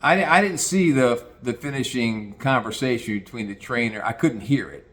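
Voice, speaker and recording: A man's voice: mid-range voice, normal speed, fairly bright tone. Guy telling a rambling story, swears a lot, talks like he's chatting with you. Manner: rambling, profane, conversational. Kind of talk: casual anecdote.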